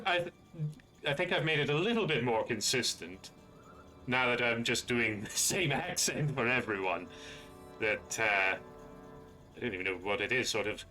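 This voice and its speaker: A man's voice: mid-range voice, sharp tone. A man streaming a video game live, chatting casually and joking with viewers. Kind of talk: live gameplay commentary.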